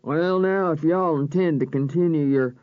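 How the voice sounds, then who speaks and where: A male narrator voicing a stern, tobacco-chewing rural deputy who lectures slowly. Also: fairly high pitch, no echo, lightly acted. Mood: stern warning. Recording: slightly dull audiobook recording.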